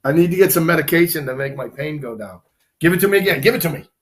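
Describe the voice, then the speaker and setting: A man's voice: a little high, lively intonation, quick pace. A man co-hosting a live stream, chatting casually and agreeing with the host. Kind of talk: casual chat. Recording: echoey room.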